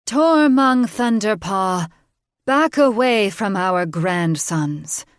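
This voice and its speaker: A woman voicing an older witch grandmother who scolds with crisp authority. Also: mid-range voice, animated, slow pace, dry recording, clean studio sound. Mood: stern.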